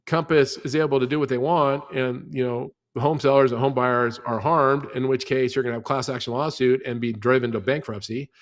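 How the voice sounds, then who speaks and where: Middle-aged guy on a podcast, talks fast n animated, keeps saying you know, mid voice. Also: mid-range voice. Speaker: real estate industry guest. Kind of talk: podcast discussion.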